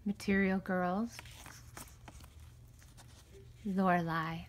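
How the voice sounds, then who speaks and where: A tarot vlogger enthusiastically shows off and talks through a series of art prints, casually and often trailing off before starting again. Her mid-range voice is gravelly and slow, with little pitch movement, frequent pauses, and a bit of hiss or hum.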